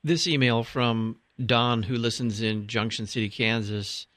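A man hosting a radio call-in show from the studio, with clear, measured announcing. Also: mid-range voice, steady tone, a bit bright, no echo. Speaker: radio talk show host. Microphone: studio microphone.

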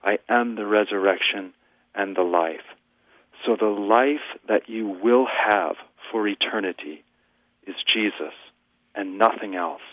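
Male pastor guest, low voice, earnest scripture teaching, dry thin phone-line sound. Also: unhurried, no echo. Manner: earnest, quotes scripture at length. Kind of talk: teaching a scripture lesson on radio.

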